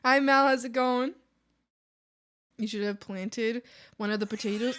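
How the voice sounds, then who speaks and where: A woman with a high, bright voice chats with her stream audience as she draws. She speaks at an unhurried pace and keeps a playful, theatrical edge as she thanks her viewers. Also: steady tone, a little hiss or hum. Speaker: art streamer. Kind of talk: casual stream chat while drawing.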